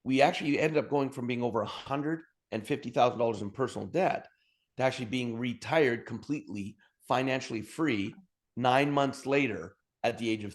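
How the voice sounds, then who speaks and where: Energetic man telling stories. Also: medium pitch. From Alberta, Canada. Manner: energetic, humorous storyteller acting out dialogue. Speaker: podcast guest. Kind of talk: storytelling interview talk.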